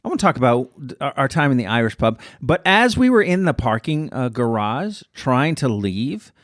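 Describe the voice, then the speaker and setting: A man co-hosting a podcast, telling jokey, animated stories in a casual chat. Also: mid-range voice, normal speed, dry recording, clean studio sound. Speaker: podcast co-host.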